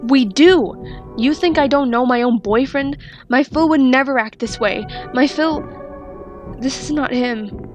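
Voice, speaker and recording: A woman's voice: sits high, measured pace, soft background music, voice pushed up. Woman playing a grieving, furious young man. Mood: grief-stricken anger. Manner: shaky, raised, breaking voice.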